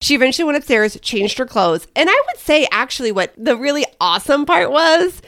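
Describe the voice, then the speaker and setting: A woman's voice: high-pitched, very animated, brisk, fairly bright tone, dry recording, studio quality. A middle-aged woman co-hosting a parenting podcast, telling family stories in a chatty way. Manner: chatty storytelling, acts out her daughter's lines. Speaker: podcast co-host. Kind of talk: casual parenting chat.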